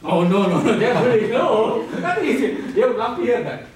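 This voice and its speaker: High-voiced man quizzing a class. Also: lively intonation, a little hiss or hum. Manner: playful, quizzing students with rapid questions. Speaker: guest lecturer, professor. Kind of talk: interactive university lecture. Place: university classroom. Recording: echoey classroom from a distant mic.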